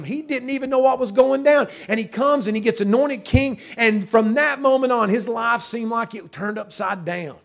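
US male pastor, high-pitched, folksy sermon delivery, repeats himself and says hallelujah often. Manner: folksy, repetitive, with frequent hallelujahs and amens.

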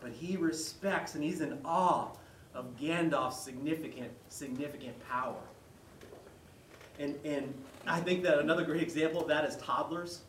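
A male pastor giving a conversational sermon, retelling a story with lively quoted voices. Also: a little high, moderate pace, slight background noise. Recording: echoey hall, mic far off.

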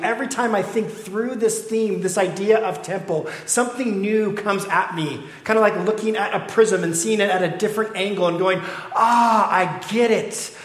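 A middle-aged man preaching a sermon as pastor, conversational, with rhetorical questions to the congregation. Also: sits high. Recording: echoey hall.

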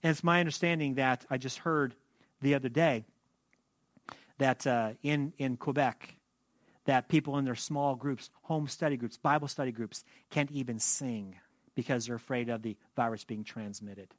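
A man preaching a sermon as pastor, speaking in a measured way that slows into hushed, prayerful reading. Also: mid-range voice, steady tone, dry recording.

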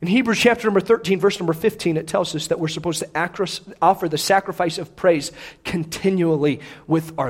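A man with a very high-pitched voice preaches a sermon. He swings from loud, climbing urgency down to hushed, prayerful near-whispers, and he repeats words when he presses a point. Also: fairly quick. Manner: reads scripture in King James wording, repeats words when emphatic.

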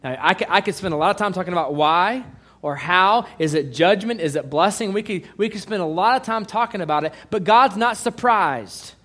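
A pastor preaching a sermon, emphatic, asking the congregation questions and reading scripture aloud. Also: male voice, high voice, a little fast, a bit bright.

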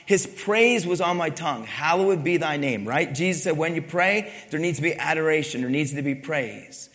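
A man's voice: on the high side, expressive, moderate pace, a bit bright. A man preaching a sermon, asking the congregation questions and pressing his points with emphasis. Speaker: pastor. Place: church. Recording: long reverb of a church hall.

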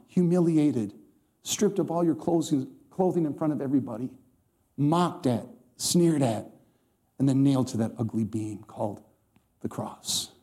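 Mellow-voiced man preaching a sermon. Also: on the high side. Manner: emphatic, scripture-quoting, addresses congregation directly.

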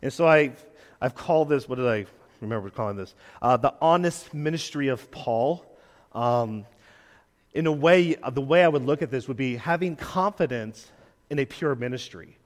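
A man's voice: mid-range voice, lively intonation, normal speed, big-room sound. A young adult man preaching a sermon as a guest preacher in a church, talking in a conversational way, acting out quoted voices and joking with the congregation. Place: church sanctuary.

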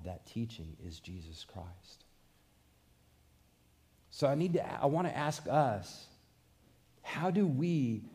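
A man's voice: lowish voice, mellow. A man preaching a sermon as a pastor, reading scripture and asking the congregation earnest rhetorical questions.

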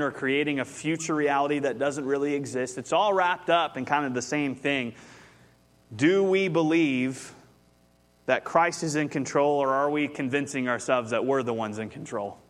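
Man preaching, conversational sermon, animated storytelling. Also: mid-range voice, moderate pace. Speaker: pastor.

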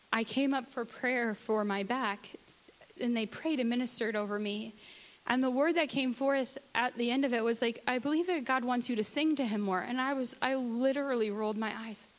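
A woman's voice: fairly high pitch, poor audio. A woman giving a candid, conversational church testimony, acting out her own asides. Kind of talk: sermon testimony.

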